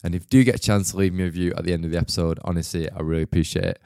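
A man's voice: deep voice, steady tone, gravelly, warm tone, clean tone. A man from Manchester with a northern English accent, hosting a podcast with loose, friendly chat full of filler words. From Manchester, northern England. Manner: fast, loose and friendly, many filler likes. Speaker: podcast host.

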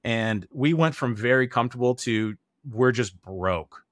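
A man's voice: medium pitch, unhurried, no room sound, clean studio sound. A man in his thirties, an interview guest, telling his own story in a candid, earnest way and acting out remembered quotes.

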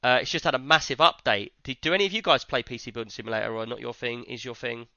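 A man's voice: mid-range voice, fast, gravelly, pushed and bright, no echo, lo-fi sound. A man hosting a casual tech podcast, chatty and rambling with lots of fillers. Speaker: podcast host.

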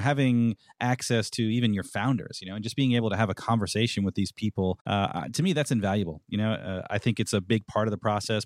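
A man hosting a podcast in a relaxed, chatty way, with lots of fillers and restarts. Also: lowish voice, no echo, clean studio sound. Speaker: podcast host. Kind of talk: casual podcast chat.

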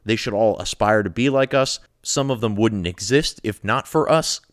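A man's voice: lowish voice, normal speed, dry recording, studio quality. A man hosting a political commentary show, delivering a profane, mocking, sarcastic rant.

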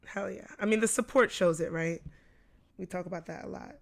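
A woman co-hosting a podcast in relaxed casual chat, leading the conversation. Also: on the low side, fairly quick, gravelly. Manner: relaxed, reads questions aloud. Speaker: podcast co-host.

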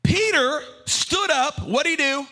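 High, bright-voiced fiery male preacher. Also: lively intonation, takes it slowly. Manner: passionate call-and-response preaching. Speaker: pastor. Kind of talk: sermon.

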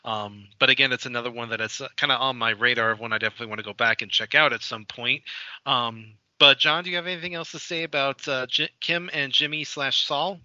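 Bright-voiced man moderating a podcast. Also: mid-range voice, fairly even intonation, dry recording. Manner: measured, hesitant, hands off turns. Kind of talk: casual chat. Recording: dry, dull lo-fi audio.

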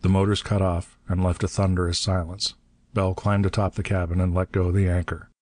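A man reads a novel aloud in a steady, measured way. His voice is very deep and dark in tone. The recording is dry and close, with no room sound. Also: no echo. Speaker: narrator. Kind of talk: audiobook narration.

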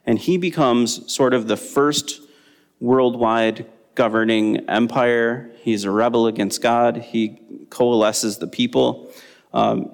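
Man, Bible study teacher, gravelly, explanatory, reverberant hall. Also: mid-range voice. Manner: explanatory, with frequent ums.

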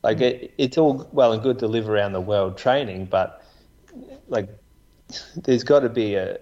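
A man's voice: lowish voice, darkish tone, lo-fi sound. A man co-hosting a podcast, rambling casually with restarts and many "like"s. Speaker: podcast co-host. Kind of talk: casual chat about running.

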